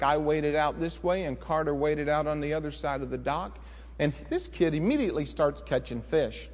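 A middle-aged pastor preaching to his congregation, his fairly high voice carrying a long reverb through the church hall. He slips easily from scripture into folksy storytelling, then lifts into sudden emphatic bursts. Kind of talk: sermon with personal storytelling.

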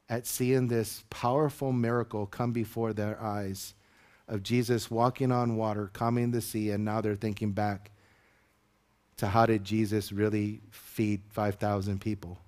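Guy pastor giving a sermon, talks casual then climbs way up in pitch when he gets going. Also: level tone, a little slow, darkish tone. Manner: conversational, building to high emphatic peaks.

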